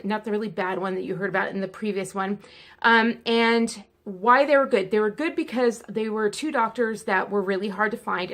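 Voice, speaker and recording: A woman vlogger chats casually to the camera in a mid-range, slightly bright voice. She's candid and talkative but clearly in pain and fidgety, her pace speeding up and slowing down.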